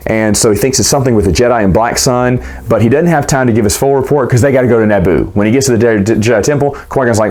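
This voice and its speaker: A man talking through a book he just reread, in a loose and rambling way. He restarts sentences often and hedges as he goes. His pitch sits in an ordinary middle range for a man. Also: fast talker, hardly any pauses, a little mellow. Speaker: book reviewer. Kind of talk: casual book recap vlog.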